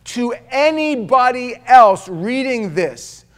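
High-voiced man preaching with emphatic swings. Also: expressive, slow. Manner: emphatic, swinging between loud declaration and quiet, low asides; rhetorical questions to the congregation. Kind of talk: sermon.

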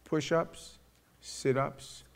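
A middle-aged man leading a casual parenting talk to a group, telling stories in a lively, animated way. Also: fairly high pitch, very slow, creaky.

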